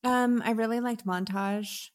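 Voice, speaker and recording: A woman's voice: fairly high pitch, steady tone, a little slow, no room sound, clean studio sound. A woman co-hosting a podcast, casually sharing what she liked about an album in an agreeable, easygoing way. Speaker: podcast co-host. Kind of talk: casual music review chat.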